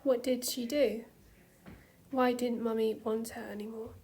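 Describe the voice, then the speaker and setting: A woman narrating a fan story softly, with a hushed, gentle reading voice. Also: a little high, fairly even intonation. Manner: slow, soft, hushed reading. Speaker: fanfiction reader.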